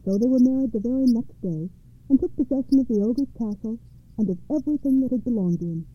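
A woman narrating fairy tales for a radio program in a measured, expressive storytelling manner. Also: fairly high pitch. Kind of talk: fairy tale read-aloud narration. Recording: tinny phone-like radio sound.

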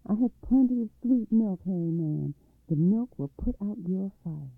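Man putting on a shrewd country mother, calm folksy drawl, lively pitch, tinny dry sound. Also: normal speed, breathy edge, dry recording, heavily acted.

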